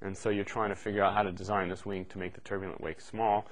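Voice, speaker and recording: A man's voice: deep voice, flat delivery, fast talker. A middle-aged man giving a live university lecture, explaining steps in a loose, joking way with frequent "okay" and "right.".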